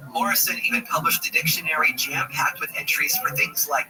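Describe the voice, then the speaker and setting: A man narrating a scripted story in a playful, expressive way. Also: a little high, brisk, hardly any pauses. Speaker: podcast narrator. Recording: distant broadcast sound with music underneath. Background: music.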